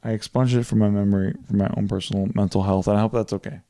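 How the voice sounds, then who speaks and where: A man telling movie stories in a casual podcast chat, profane and animated as he recaps plots. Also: fairly low pitch, fast, no room sound, clean studio sound. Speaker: podcast co-host.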